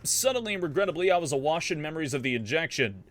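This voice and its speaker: A streamer man narrating as a sarcastic young woman, with wry, deadpan asides over faint music. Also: a little high, very fast. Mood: snarky. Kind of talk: comedic in-character narration.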